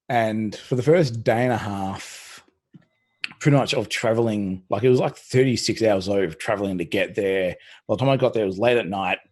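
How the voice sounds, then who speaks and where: Husky-voiced man telling a rambling story. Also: on the low side, darkish tone. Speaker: stream co-host. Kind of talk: casual chat.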